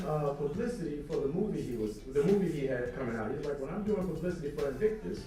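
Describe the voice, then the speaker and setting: A man from New Orleans with a New Orleans accent, telling a story as an interview guest in a lively, animated way. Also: fast, few pauses, far from the mic. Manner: lively, swings high when quoting others. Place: film festival event. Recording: echoey, off-mic, music behind.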